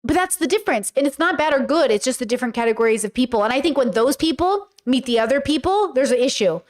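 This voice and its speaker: A woman host giving casual commentary as she reacts to viewer comments, rambling and animated, with lots of fillers and playful mimicked voices. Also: high-pitched, quick pace. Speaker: YouTuber and podcast host.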